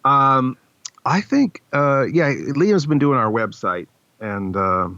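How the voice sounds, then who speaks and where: A man's voice: mid-range voice, expressive, takes it slowly, pushed and bright, no room sound. A man in his thirties, a podcast co-host, chatting loosely and joking, trailing off with fillers. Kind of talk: casual rehearsal chat. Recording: dull lo-fi dry recording.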